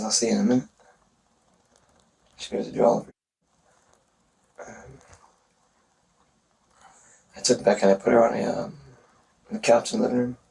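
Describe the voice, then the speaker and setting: A man recounting events in a police interview, speaking haltingly and hesitantly with many pauses. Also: mid-range voice, creaky. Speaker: murder suspect in a police interview. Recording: distant interview recording with faint noise.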